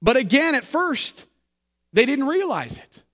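A man's voice: very high voice, very animated, a little slow, a bit bright. A man pastor giving a sermon in a conversational, humorous storytelling manner. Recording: long hall reverb.

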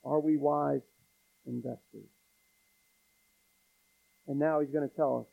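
A man's voice: medium pitch, vocal fry, slightly rough. A man preaching a sermon, pressing the congregation with pleading rhetorical questions. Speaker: pastor. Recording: tinny phone-like sound.

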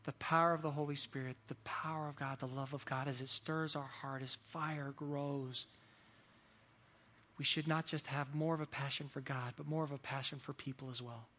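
A man's voice: mid-range voice, flat delivery, moderate pace, sharp tone. A man preaching a sermon as pastor, earnest and repeating words as he builds his points.

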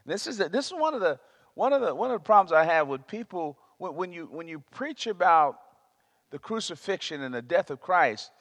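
Preacher echoing through a hall. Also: male voice, high-pitched, sing-song, brisk, fairly bright tone. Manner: emphatic, repeats himself, searches for words. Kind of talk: sermon. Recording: long reverb of a large hall.

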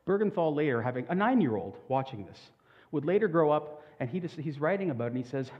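A male pastor delivers a sermon in a large hall, his voice trailing off into long reverb. He talks earnestly and builds to loud, emphatic peaks. The recording sounds slightly muffled. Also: fairly high pitch, very animated, fast talker.

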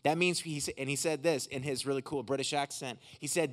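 A man preaching in a church service, speaking as a guest minister. His pitch sits mid-range for a man. His delivery is emphatic, building up and then dropping into hushed, earnest prayer. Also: fairly even intonation, fairly quick. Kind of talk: sermon with healing prayer. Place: hotel conference room church.

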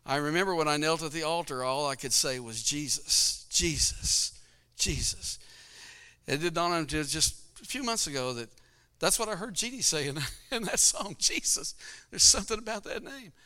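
A man's voice: fairly high pitch, lively intonation, brisk, sharp tone, clean tone. A middle-aged male pastor giving a folksy testimony sermon, telling his story with frequent laughs.

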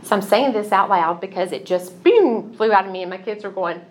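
A woman's voice: mid-range voice, brisk, slight background noise. A middle-aged woman giving a Christian teaching talk, telling personal stories in an earnest, confessional way. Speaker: Christian speaker.

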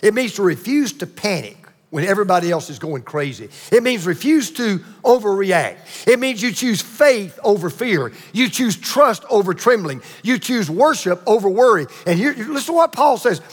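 A man preaching a sermon with emphatic repetition and dramatic pauses. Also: sits high, very animated, in a large hall. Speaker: pastor.

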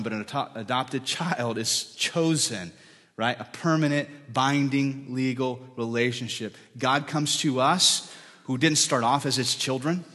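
A man preaching a sermon as pastor, dropping to soft, whispered lines when he speaks for God. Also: medium pitch, slightly rough, long reverb tail.

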